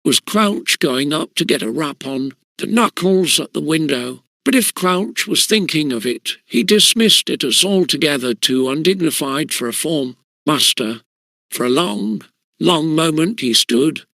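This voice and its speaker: A man narrating an audiobook of a classic school story in a lively storytelling manner. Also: fairly high pitch, unhurried, gravelly, dry recording.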